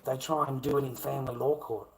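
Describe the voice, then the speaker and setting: A middle-aged man with an Australian accent holds forth on his own livestream. He swears constantly, circles back over the same points, and his voice sits at an ordinary middle pitch. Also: fairly even intonation, fast, low-quality recording. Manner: profane, rambling, repeats himself. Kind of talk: casual livestream rant.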